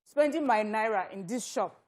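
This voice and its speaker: Nigerian woman, TV panelist, animated, opinionated, middle pitch. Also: moderate pace. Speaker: talk show panelist. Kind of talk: studio panel discussion.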